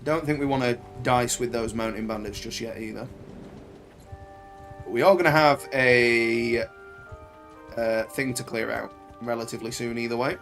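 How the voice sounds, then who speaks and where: A man's voice: mid-range voice, steady tone, moderate pace, pauses often, a bit bright, faint music behind. A man commentating his own game playthrough, chatty and bantering as he swears at the soldiers on screen. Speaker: gaming channel host. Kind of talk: let's play commentary.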